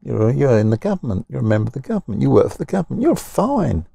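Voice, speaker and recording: A man's voice: mid-range voice, animated, rapid-fire, vocal fry, mellow, breathy edge, no room sound, clean studio sound. A man, talking casually from inside a parked car, rambling and grumbling in a blunt, plain-spoken way. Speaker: vlogger. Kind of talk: casual talking-head rant.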